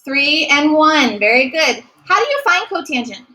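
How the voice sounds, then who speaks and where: Woman math teacher, high bright voice, asks and answers her own questions. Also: sing-song, normal speed, low-quality recording. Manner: asks questions and answers them herself, praising. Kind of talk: recorded classroom math lesson.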